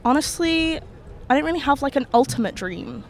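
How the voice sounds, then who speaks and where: A woman's voice: high-pitched, lively intonation, brisk, creaky. Young woman chatting on a city street, dry and frank, cars passing. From England. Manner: frank, dry, matter-of-fact. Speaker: interviewee. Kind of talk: casual street interview. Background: traffic.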